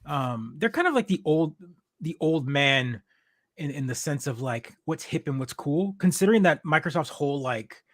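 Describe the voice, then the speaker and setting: A man's voice: on the high side, lively intonation, normal speed, fairly bright tone. Rambling middle-aged podcast host, man. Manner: rambling, many restarts, laughs easily. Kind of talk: casual chat.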